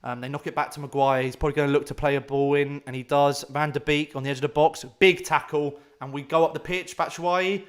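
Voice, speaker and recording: A man giving live fan commentary on a football match, excitable and swinging between shouting at chances and anxious muttering. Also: fairly high pitch, quick pace, hardly any pauses, smooth.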